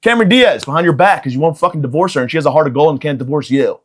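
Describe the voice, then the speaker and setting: A man's voice: fairly high pitch, racing. A man in his thirties carries his podcast solo, rambling from one joke to the next. He swears freely and pokes fun at himself in a loose, unscripted monologue. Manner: profane, self-mocking, riffing. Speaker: podcast host.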